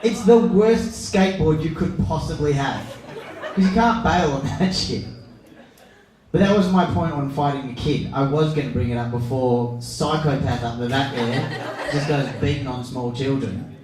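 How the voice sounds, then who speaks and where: Recorded in an echoey pub function room from a mic far away, with the crowd audible, a young man speaks in a mid-range voice at a moderate pace. Hosting the comedy night as MC, he does stand-up crowd work, brashly teasing people and swearing freely.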